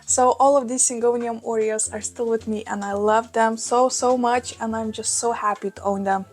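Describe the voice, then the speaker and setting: A woman's voice: fairly high pitch, steady tone, moderate pace. A woman with a Russian accent vlogging about her plants at home, gushing and exclaiming often. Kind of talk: casual vlog. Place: small room at home. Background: soft background music.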